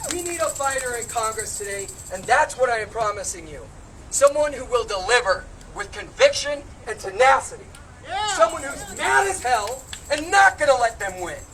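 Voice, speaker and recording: A woman's voice: on the high side, lively intonation, moderate pace. Woman, rally speech, impassioned, outdoor street protest, distant mic. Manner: impassioned, builds to shouted call-and-response. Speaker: congressional candidate speaking at a protest. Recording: distant street recording with crowd noise.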